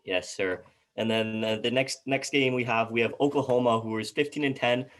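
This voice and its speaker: A man's voice: medium pitch, moderate pace, a bit bright. A man co-hosting a casual sports chat, reading out team records and stumbling over player names. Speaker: co-host.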